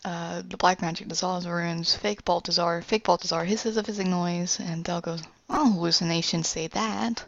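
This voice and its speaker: A woman casually retelling a scene from her animation pitch, with loose storytelling full of fillers. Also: level tone, normal speed, few pauses, no room sound. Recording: dull lo-fi recording.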